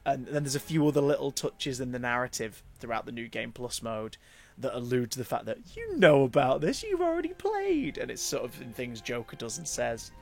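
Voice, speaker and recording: Gravelly man chatting on stream. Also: mid-range voice, fairly quick, darkish tone, faint music behind. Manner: chatty storyteller, rambling with restarts, reads out chat. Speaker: game streamer. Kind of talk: casual live-stream chat.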